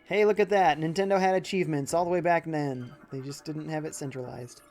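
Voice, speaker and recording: A man's voice: on the high side, fairly even intonation, brisk, darkish tone, faint music behind. Chatty man streaming a game. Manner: chatty, jokey, reads chat aloud. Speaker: livestreaming gamer. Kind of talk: casual let's-play commentary.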